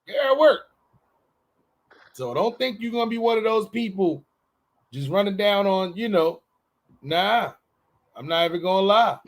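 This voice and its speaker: Sex: man. Pitch: high. Role: joking podcast host. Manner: loose, joking, drawn-out emphatic delivery. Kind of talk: casual chat.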